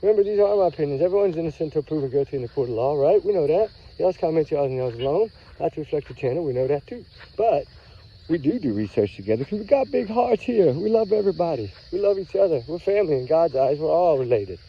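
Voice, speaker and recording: A man's voice: fairly high pitch, sing-song, quick pace, breathy edge. A man, rambling in a casual, folksy vlog chat outdoors in the woods, hot and sweaty from a long walk. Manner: folksy, chatty, repeats warm sign-offs. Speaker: true-crime vlog host. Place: outdoors by a creek bank in the woods. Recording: dull lo-fi phone audio.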